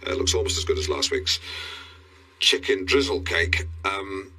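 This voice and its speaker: A man's voice: deep voice, unhurried, vocal fry, pushed and bright, slightly rough. A middle-aged man hosting a local radio show, pompous and rambling, with awkward restarts. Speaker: radio presenter.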